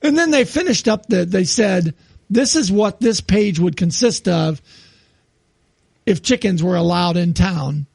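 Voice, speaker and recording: A man in his sixties with a high, gravelly voice chats on a casual comedy podcast. He giggles as he reads posts aloud, and his pitch swoops up and down. The sound is close and dry. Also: expressive, unhurried, a little mellow, dry recording. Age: 60s. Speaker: podcast co-host.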